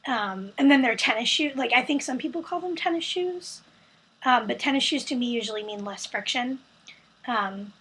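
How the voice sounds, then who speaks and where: A woman's voice: on the high side, a bit bright, husky, poor audio. A young American woman, casually chatting and reading a word list for a vlog, with lots of ums and self-corrections. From United States. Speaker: vlogger.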